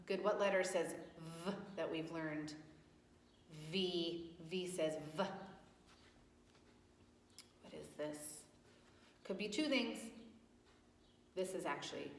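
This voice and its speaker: A woman's voice: sits low, slow, vocal fry, long pauses, a bit bright, a little hiss or hum. A woman teaching young children letter sounds at circle time, asking patient questions and praising answers. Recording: echoey room with long reverb.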